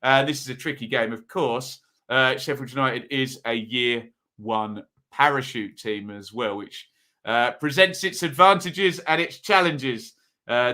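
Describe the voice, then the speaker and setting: A man's voice: medium pitch, sharp tone. A man hosting a live football watch-along, chatting casually with frequent ums and uhs as he reads out team sheets. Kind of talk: casual live commentary to chat.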